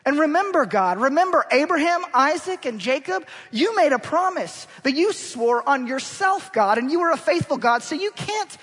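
A man's voice: very high-pitched, big pitch swings, brisk, few pauses, a bit bright, pitched above the performer's own voice, exaggerated voice. A man voicing a desperate male prophet who pleads urgently with God, in a long church-hall reverb. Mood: pleading.

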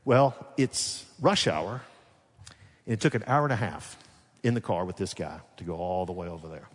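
A man with a Southern Alabama accent, a pastor preaching a sermon and telling a story in a casual way, swinging between loud and hushed. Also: sits low, normal speed. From Alabama, USA. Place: large church sanctuary. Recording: long reverb of a big hall.

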